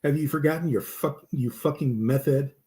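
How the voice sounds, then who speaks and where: A gruff, hostile gunman, as a storyteller puts him on, curt and threatening with every word. The voice stays close to the storyteller's own in a spoken story. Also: on the high side, normal speed, warm tone, lightly acted. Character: gruff, hostile armed man.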